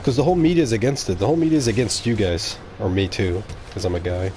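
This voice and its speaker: A man's voice: lowish voice, quick pace, warm tone, a little hiss or hum. Rambling opinionated male streamer. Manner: rambling, opinionated, self-correcting. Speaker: game streamer. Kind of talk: casual livestream monologue.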